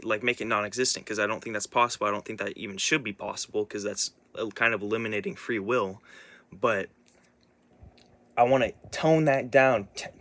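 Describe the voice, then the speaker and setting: A man's voice: lowish voice, a bit bright, no room sound. A young man rambling intensely in a casual vlog, swearing often and restarting his sentences. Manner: intense, profane, restless, many restarts. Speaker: vlogger.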